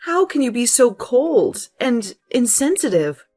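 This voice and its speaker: A woman's voice: a little high, sing-song, unhurried, dark tone, soft background music. A woman playing a grieving, wounded wife. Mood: hurt. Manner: pleading, hurt, accusing.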